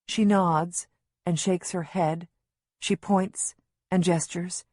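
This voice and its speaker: Woman audiobook narrator, low, breathy, slow, dry close sound, measured first-person reading. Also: dark tone, no echo.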